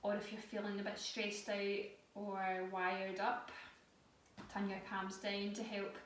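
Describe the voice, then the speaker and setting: Woman, yoga instructor, calm guided cues, off-mic in a reverberant room. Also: mid-range voice, slight background noise. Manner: calm, slow guiding cues. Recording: echoey room, voice a bit far from mic.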